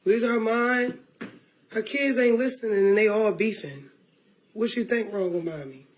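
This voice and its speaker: A woman's voice: fairly high pitch, normal speed, low-quality recording. A woman talking on a livestream, close to tears, pleading and repeating herself. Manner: pleading, repetitive. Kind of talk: emotional livestream talk.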